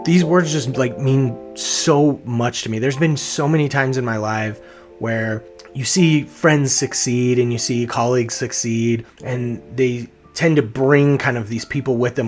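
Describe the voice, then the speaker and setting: A man reviewing books in casual, earnest talk, openly emotional about the lines he loves. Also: medium pitch. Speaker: book reviewer.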